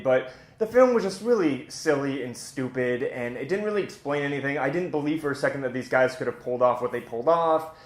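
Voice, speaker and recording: A man's voice: medium pitch, roomy sound. A man giving a casual, blunt and opinionated spoken film review as host of his own channel, chatty with plenty of filler words.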